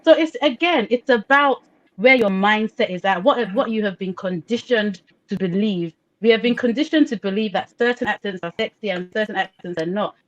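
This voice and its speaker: A woman's voice: mid-range voice, normal speed. Passionate woman on a call. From Nigeria. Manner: passionate, emphatic, repeats points for stress. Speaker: podcast co-host. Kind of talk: casual discussion on a video call. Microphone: video call. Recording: slightly dull lo-fi call audio.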